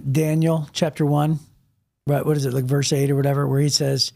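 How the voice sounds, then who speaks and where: A man's voice: on the high side, flat delivery, a little fast, gravelly, darkish tone. A man co-hosting a podcast, talking through a Bible story in a vivid, casual way, often repeating words and restarting. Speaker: podcast co-host.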